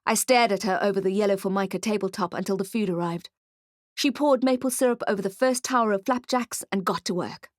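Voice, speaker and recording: A woman reads a first-person fantasy detective story, her tone wry and hardboiled. Her voice sits at a middle pitch, recorded close and dry with no room sound. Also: fairly quick, dry recording. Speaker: audiobook narrator. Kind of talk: first-person audiobook narration.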